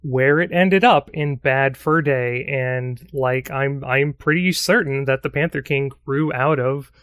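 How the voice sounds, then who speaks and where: Podcast co-host, man, middle pitch, relaxed and musing, dry close mic. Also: measured pace, smooth, no room sound. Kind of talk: casual podcast chat.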